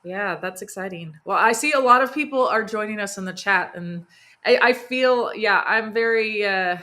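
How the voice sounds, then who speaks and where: A woman's voice: medium pitch, normal speed, pushed and bright. A woman hosting a live gardening stream from her home, chatting enthusiastically with lots of fillers and laughs. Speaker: gardening host. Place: home near a sunroom.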